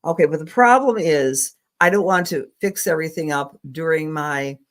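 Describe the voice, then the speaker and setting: Chatty woman astrologer, low-pitched. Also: moderate pace. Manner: warm, affectionate, rambling with fillers. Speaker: astrologer and psychic host. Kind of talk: live-stream psychic readings.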